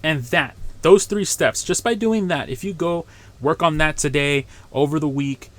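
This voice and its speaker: A man's voice: unhurried, dry recording. A man hosting his own marketing show, giving solo instructional talk in a coaching tone that keeps checking in with "right?" and "okay?", and lifting his voice to stress key points. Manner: punches up key points with louder, higher bursts. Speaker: marketing podcast host.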